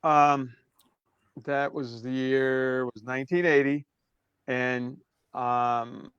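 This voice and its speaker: A man in his sixties from Brooklyn with a New York accent, telling stories as an interview guest in a relaxed way that trails off softly. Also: mid-range voice, extremely slow, smooth, no room sound, muffled recording. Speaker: drummer guest. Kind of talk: casual interview storytelling.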